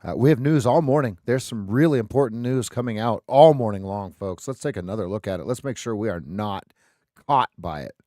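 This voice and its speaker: A man's voice: lowish voice, a little fast, warm tone, no room sound, clean studio sound. A man hosting a live trading stream, thinking aloud as he calls price levels and often restarts his sentences. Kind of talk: live market commentary.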